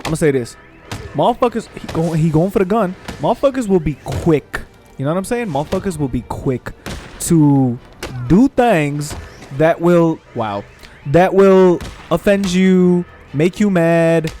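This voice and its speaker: A man's voice: a little high, a little slow, faint music behind. Profane ranting young man gamer. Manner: profane, animated ranting with mocking voices. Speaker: gaming streamer. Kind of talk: casual gameplay commentary rant.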